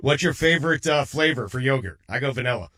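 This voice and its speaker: A man's voice: mid-range voice, expressive, fast, sharp tone, slightly rough. A man hosting a sports radio show, interviewing a guest in casual chat and laughing easily.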